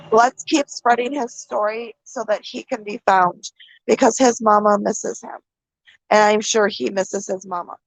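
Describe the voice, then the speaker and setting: A woman vlogger from the American Midwest, talking to her viewers through tears, halting with many pauses and fillers. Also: mid-range voice, creaky, no room sound. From Minnesota. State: crying. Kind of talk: emotional vlog talk to viewers.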